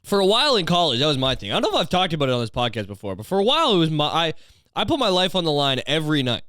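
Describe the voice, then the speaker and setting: A young man from Canada hosting a podcast, rambling through a crude comedic monologue full of filler phrases and deadpan dark jokes. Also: a little high, rapid-fire, clean tone, no echo, studio quality. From Ontario, Canada. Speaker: podcast host.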